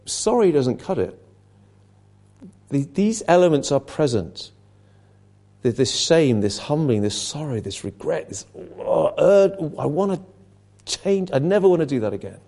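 Earnest man preaching, mellow tone. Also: fairly high pitch. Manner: earnest, with frequent restarts and dropping to a hush. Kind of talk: sermon.

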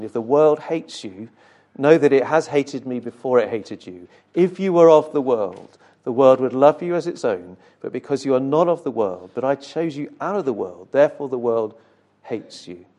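Earnest preacher with a mellow voice. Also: male voice, medium pitch, lively intonation, normal speed. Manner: earnest, direct address to congregation with rhetorical questions; occasional stumbles and repeated words. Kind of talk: sermon.

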